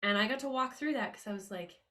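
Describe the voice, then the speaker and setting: A woman hosting a podcast, giving a motivational money-mindset monologue in an upbeat, emphatic and earnest way, her pitch leaping up on key words. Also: fast, bright, forceful tone. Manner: earnest, confiding tone with listeners. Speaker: podcast host.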